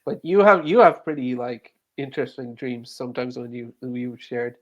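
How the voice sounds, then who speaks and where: A man appearing as a podcast guest, chatting casually and animatedly, quick to quote scenes. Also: mid-range voice, lively intonation, lo-fi sound. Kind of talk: casual discussion.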